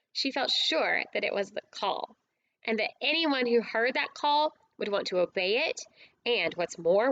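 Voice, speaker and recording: A woman reading a storybook aloud as an audiobook narrator, with clear, steady storytelling. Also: medium pitch, dull audio, a little hiss or hum.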